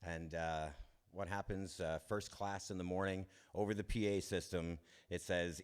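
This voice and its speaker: His low-pitched voice stays steady, clear and resonant as he tells his recovery story. The testimony is candid and self-mocking, punctuated by frequent chuckles and halting restarts.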